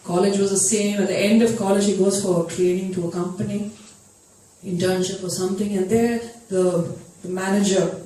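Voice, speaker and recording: A youth ministry speaker with an Indian English accent, preaching and telling stories emphatically, swinging between loud stresses and quiet asides. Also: mid-range voice, little pitch movement, normal speed, far from the mic. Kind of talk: sermon with personal storytelling. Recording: very echoey hall, speaker off-mic.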